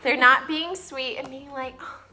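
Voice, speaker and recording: Young woman, high bright voice, giggly, acts out quotes in casual chat. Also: expressive, normal speed. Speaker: vlog co-host.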